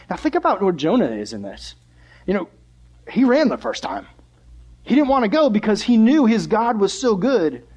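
Brief: young male youth pastor, lively, chatty sermon, bright high voice. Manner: animated, conversational preaching.

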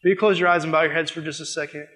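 A young man as youth pastor, preaching a sermon with animated storytelling that acts out the dialogue. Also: on the high side, rapid-fire.

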